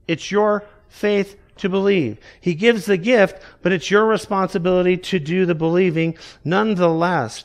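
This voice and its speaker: A man preaching an expository sermon, raising his voice to read scripture and dropping low to stress single words. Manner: emphatic, raises voice for scripture quotes, drops low for key words.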